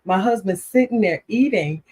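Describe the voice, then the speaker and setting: Woman co-host, lively storyteller who laughs a lot, casual chat. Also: medium pitch, normal speed, slightly rough. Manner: animated storytelling, laughs often.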